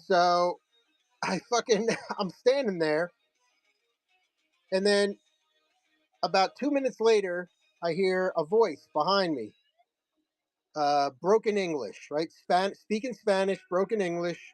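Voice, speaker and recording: A man's voice: sits high, takes it slowly, pauses often, no room sound, soft background music, low-quality recording. A man hosting a live comic sale, telling a rambling, profane story in a casual way.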